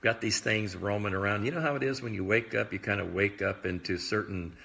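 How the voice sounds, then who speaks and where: A man's voice: on the low side, gravelly, sharp tone. A man who is a prophetic minister, talking casually to viewers in a live video, rambling with many fillers like "uh" and "anyhow". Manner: rambling, loose, filler-heavy talk; admits talking fast.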